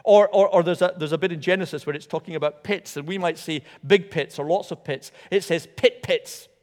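A man preaching a sermon in a church, animated and emphatic, repeating words for stress. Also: a little high, quick pace. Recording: long hall reverb.

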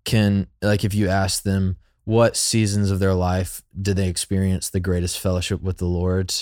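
A man co-hosting a casual faith podcast, speaking in a calm, affirming, thoughtful way. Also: deep voice, normal speed, dry recording, clean studio sound. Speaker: podcast co-host.

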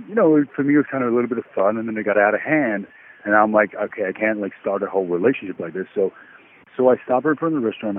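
Low-voiced Australian man on a phone line. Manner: rambling, many fillers. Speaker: caller. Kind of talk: telling a personal story. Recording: tinny phone line, faint noise.

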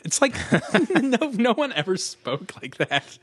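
Male podcast co-host, expressive recapper, dry close sound. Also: sits high, a little slow, husky, no room sound. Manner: animated, laughs often, acts out quotes from the show. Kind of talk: casual chat recapping a TV episode.

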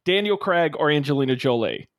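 A man's voice: on the high side, lively intonation, a little fast. A man co-hosting a podcast, chatting casually and teasing his co-host with playful intros.

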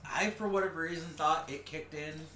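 A man's voice: a little high, moderate pace, roomy sound, a loud crowd. A man chatting casually as a podcast co-host, swearing and acting out quotes. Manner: animated, swearing, laughing, acts out quotes. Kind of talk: casual chat.

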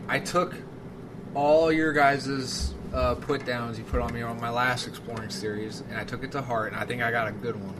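A man's voice: mid-range voice, fairly even intonation, moderate pace. A man hosting a casual podcast, reading out prepared items in a dry, wry way. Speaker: podcast host. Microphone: handheld field recorder. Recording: noisy amateur podcast recording.

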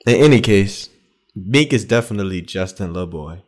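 A man's voice: low-pitched, animated, normal speed. A man co-hosting a podcast in casual chat, laid-back and joking, repeating phrases for laughs. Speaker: podcast co-host.

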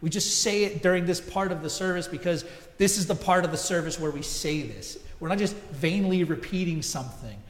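A man's voice: on the high side, a little fast, hardly any pauses. A man preaching a sermon as pastor, telling a story in a conversational way with frequent asides. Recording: echoey church hall.

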